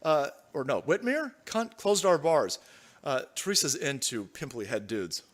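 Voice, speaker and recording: With a fairly high voice that swings widely in pitch, a man hosts a livestream in an unhurried way. He reads donations and riffs crudely and sarcastically, swearing and laughing often.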